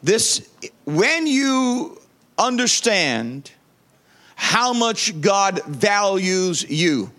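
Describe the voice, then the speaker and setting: A man's voice: sits high, very animated, very slow, a bit bright. A male pastor preaching a sermon, leading his congregation in call-and-response and repeating phrases with enthusiasm.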